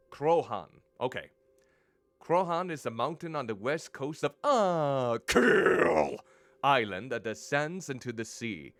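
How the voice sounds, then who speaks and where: A man's voice: mid-range voice, lively intonation, slow pace, creaky, a bit bright, dry recording. A male streamer reading game text aloud and commenting, stumbling over pronunciations.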